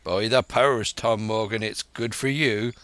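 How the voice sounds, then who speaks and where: A man's voice: on the low side, fairly even intonation, a little slow, fairly bright tone, smooth, no room sound. A man voicing an older, crafty one-legged pirate cook who blusters in thick sea slang, for an audiobook. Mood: blustering.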